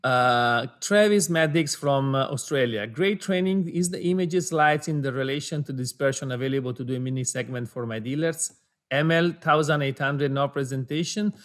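Male webinar co-host, reads viewer messages in a friendly multilingual way, video call audio. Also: medium pitch. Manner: reads out names and greetings, drifting between languages, quick to laugh.

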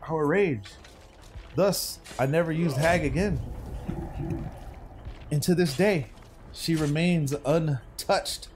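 A young man streaming a game, chatting loosely with his viewers in slangy banter that swings from hype to low mutters. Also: takes it slowly, long pauses, darkish tone, slight background noise. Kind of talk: casual gaming stream commentary.

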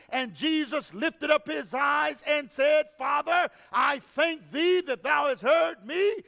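A man preaching at a revival in a large hall, his very high, gravelly voice ringing out over a long reverb. He stretches his phrases slowly, throws questions back at the congregation, and breaks into shouts. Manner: call-and-response preaching, drawn-out phrasing, bursts of shouting. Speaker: evangelist preacher. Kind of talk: revival sermon.

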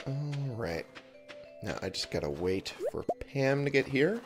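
A man's voice: mid-range voice, big pitch swings, unhurried, over music. A man giving casual gameplay commentary, sleepy and yawning, chatty and thinking aloud with frequent chuckles. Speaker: let's play gamer.

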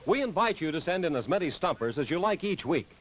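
A man announcing on a 1960s television game show, reading a smooth promotional script. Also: a little high, big pitch swings, quick pace, poor audio. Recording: 1960s TV broadcast.

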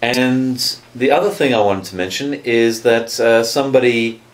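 A man's voice: mid-range voice, moderate pace. A man hosting his own video channel, talking in a chatty, hesitant way with frequent restarts as he makes announcements, recorded in a room at home. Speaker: YouTube channel host. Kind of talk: casual vlog announcement. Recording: roomy echo.

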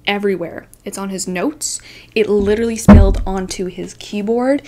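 A young woman in her twenties tells a story straight to camera as a book vlogger. Her delivery is animated and self-mocking, with her voice sitting in a middle pitch for a woman. She peppers her sentences with "like" and laughs at herself as she goes. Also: moderate pace, over loud music. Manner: animated, self-deprecating, says "like" often.

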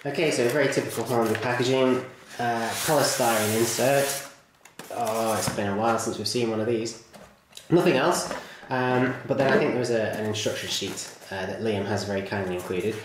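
A man's voice: medium pitch, normal speed. Chatty man in a very echoey room. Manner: chatty, enthusiastic, rambling asides. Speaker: model railway reviewer. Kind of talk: casual hobby video review. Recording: very echoey room, faint noise.

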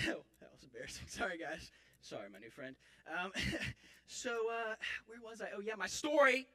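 High, bright-voiced goofball from a man rambling on a church stage, swings wildly up and down. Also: huge pitch swings, moderate pace, heavily acted. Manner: rambling, self-mocking, theatrical outbursts. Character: clumsy boastful young man, injured, comic. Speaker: actor in a church Christmas skit. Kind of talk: comic stage monologue. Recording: live church audience.

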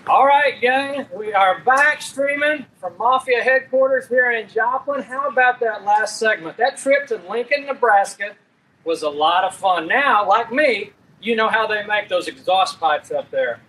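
High, bright-voiced upbeat male host. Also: a little slow, slight background noise. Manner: upbeat, folksy promotional patter. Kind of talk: live-stream show hosting and interviewing.

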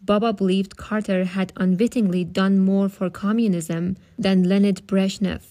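Female reader of novels aloud, calm and steady narration, mid-range voice. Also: medium pitch, normal speed, hardly any pauses. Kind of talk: audiobook-style reading.

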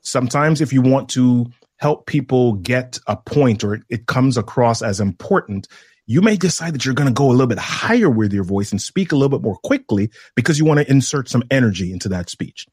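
A man guesting on a podcast as a communication trainer, explaining things in a measured way with deliberate pauses. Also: medium pitch, animated, darkish tone, slightly rough, dry recording, studio quality. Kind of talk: instructive podcast conversation.

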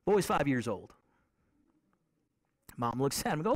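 A man's voice: medium pitch, very animated, unhurried, pauses often. A man preaching a sermon in a conversational way. He asks the congregation questions and repeats key phrases to drive them home.

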